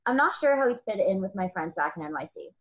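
Woman co-host, reads listener letter aloud, steady and even. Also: mid-range voice, quick pace, a little hiss or hum. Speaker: podcast co-host.

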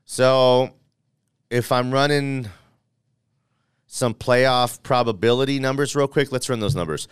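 A man hosting a sports talk show, playful and animated as he works through playoff scenarios out loud. His voice is smooth and resonant. The sound is dry and close to the mic. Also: medium pitch, a little slow, long pauses, no echo. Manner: animated, playful, thinks aloud with restarts. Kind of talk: casual sports debate.

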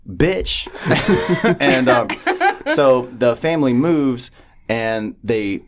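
A man telling a story in a casual group chat, animated and laughing often, swearing freely. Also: mid-range voice, drawn-out words, background noise.

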